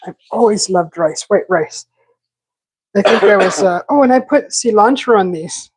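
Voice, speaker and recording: A woman's voice: mid-range voice, measured pace, husky, dry recording. Chatty woman streaming live, dry sound. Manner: rambling, chatty, many fillers and restarts; talking while eating. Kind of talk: casual live-stream chat. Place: home garden setting.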